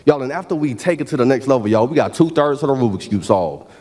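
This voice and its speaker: A man's voice: mid-range voice, lively intonation, fast, mellow. A man, giving a motivational keynote speech at a university ceremony in a preacherly call-and-response style. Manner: preacherly, repeats "y'all" often, call-and-response. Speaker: keynote speaker. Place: large hall at a university ceremony.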